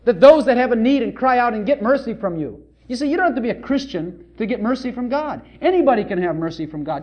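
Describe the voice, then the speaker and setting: A man preaching a sermon with passion, his voice swelling loud as he reads scripture and dropping quiet on asides. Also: very high-pitched, animated, fast, hardly any pauses, lo-fi sound. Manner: reads scripture in old-fashioned biblical wording. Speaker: pastor.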